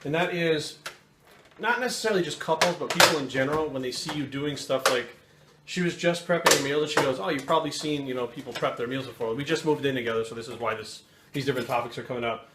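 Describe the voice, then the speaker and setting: A man hosting a fitness channel, chatting casually to camera at home in a fast, profane, animated rant. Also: medium pitch. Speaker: fitness coach and channel host. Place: home kitchen. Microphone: camera mic. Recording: roomy echo, faint room noise.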